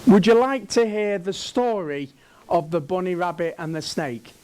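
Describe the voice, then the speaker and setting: A man's voice: sits high, normal speed, darkish tone. A man with an English accent giving a conference talk on sales. He keeps asking the audience questions and drops in jokes. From England. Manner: jokey, asks the room questions. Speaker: keynote speaker and sales trainer.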